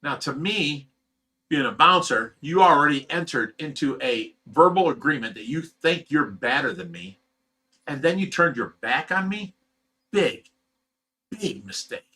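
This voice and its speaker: A man telling a rough, profane story in casual chat as a host. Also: a little high, animated, measured pace, bright, forceful tone. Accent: Ohio. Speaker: fish rescue host.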